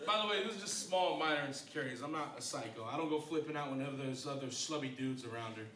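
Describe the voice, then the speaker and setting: A man in his thirties doing a stand-up comedy set, wry and self-deprecating, jumping into high voices for punchlines. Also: fast talker, sharp tone. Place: comedy club stage. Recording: echoey club from a distance, hall mic. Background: audience laughter.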